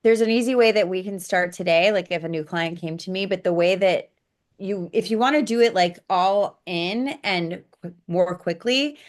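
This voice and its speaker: A woman spiritual coach, a podcast guest, telling client stories in an animated, blunt way, swearing casually and acting out quotes. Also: on the low side, normal speed. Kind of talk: interview storytelling.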